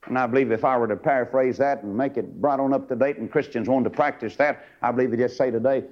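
A man preaching an old-time sermon, dropping to low murmurs and leaping to high shouting bursts. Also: quick pace, hardly any pauses, dull audio.

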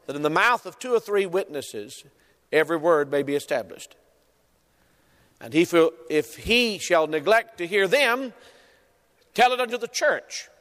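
A man delivers a sermon, pressing his points through repetition and slow, weighted emphasis. His voice sits high for a man. The sound carries a long hall reverb, as from a church sanctuary. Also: a bit bright. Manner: emphatic preaching with repeated phrases and drawn-out stresses. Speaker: pastor.

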